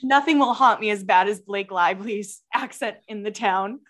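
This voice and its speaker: A woman's voice: mid-range voice, normal speed, a bit bright. A woman co-hosting a podcast in casual chat, chatty, laughing easily and swearing freely. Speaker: podcast co-host.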